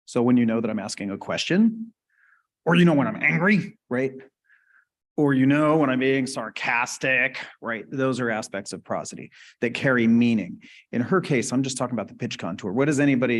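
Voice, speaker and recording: In a conference hall, a man with a medium-pitched voice gives a live lecture at a medical conference. He explains terms casually and checks in with the audience.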